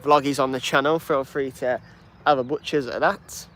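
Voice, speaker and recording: A man's voice: mid-range voice, steady tone, normal speed, a bit bright. A man from England with a Birmingham accent, hosting a plane-spotting livestream and chatting casually with his viewers. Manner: chatty and easygoing, reading and answering chat.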